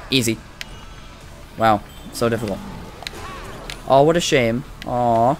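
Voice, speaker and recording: A young man giving casual, profane let's-play commentary, excitable and trash-talking the game as he plays. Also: medium pitch, slow, long pauses, soft background music. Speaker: gaming commentator.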